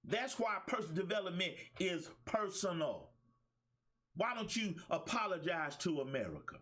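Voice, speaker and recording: Man, talk show host, life coach, preachy monologue, emphatic repetition, lively pitch. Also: normal speed. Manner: preachy, emphatic, repeats phrases; colloquial, casual speech.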